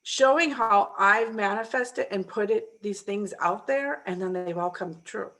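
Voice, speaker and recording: A woman's voice: mid-range voice, unhurried. A middle-aged woman, a mindset coach, telling a story in a casual interview and acting out the people she quotes. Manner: animated, acts out quoted voices with laughter.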